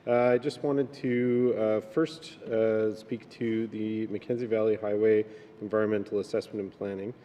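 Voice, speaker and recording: A man with a mellow, darker voice pitched a little low poses careful questions in a legislative chamber. He talks in a measured way, full of pauses and fillers. His voice carries the long reverb of a large room over a faint hiss. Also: flat delivery. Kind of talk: committee questioning.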